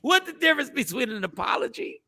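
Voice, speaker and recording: A man hosting a casual morning talk show, telling animated stories with a gravelly voice. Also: very high voice, fast, dry recording, clean studio sound. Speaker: radio show host.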